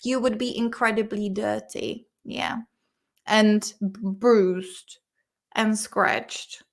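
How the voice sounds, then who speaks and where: A woman's voice: mid-range voice, fairly even intonation, slow pace, vocal fry. A young woman with a Czech accent, a native Czech speaker, hosting a casual chat and often breaking into giggles. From Czech Republic. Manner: giggly, chatty, lots of fillers. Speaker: host.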